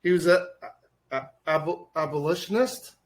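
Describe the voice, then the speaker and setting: Male podcast co-host, slightly high voice, blunt and opinionated, swears often. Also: moderate pace. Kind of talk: casual podcast chat.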